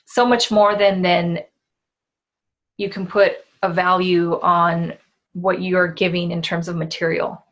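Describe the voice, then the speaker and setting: A woman's voice: fairly low pitch, level tone, takes it slowly, a bit bright, lo-fi sound. A woman in her forties co-hosting a talk show in a casual, heartfelt way, with lots of fillers and tag questions. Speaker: co-host. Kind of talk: casual chat.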